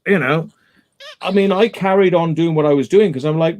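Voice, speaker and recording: A man's voice: on the high side, moderate pace, darkish tone. A man hosting a live stream in casual chat, retelling a dispute emphatically and going back over the same points.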